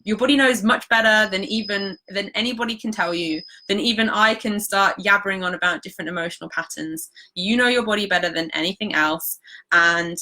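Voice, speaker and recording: A woman talks casually into her live-stream mic, her voice bright and clear. She sounds reassuring and chatty, filling her sentences with "like" as she answers viewers. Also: medium pitch, fairly quick. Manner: chatty, reassuring, many fillers like "like". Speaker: holistic practitioner hosting a live stream.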